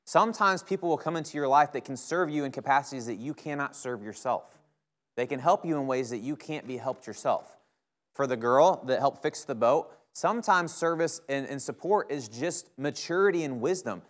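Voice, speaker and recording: A young male preacher speaking to a campus group. His delivery is conversational and sincere, and he often checks in with his listeners. His voice sits at an ordinary middle pitch. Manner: conversational, earnest, keeps asking "right?". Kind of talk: sermon.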